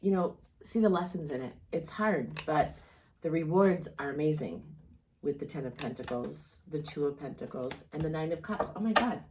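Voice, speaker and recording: Low-voiced woman giving a rambling tarot reading. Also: lively intonation, moderate pace, a little mellow, slight background noise. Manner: rambling, encouraging, many fillers and restarts. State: coughing and yawning at times. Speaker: tarot reader. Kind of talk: casual tarot reading monologue.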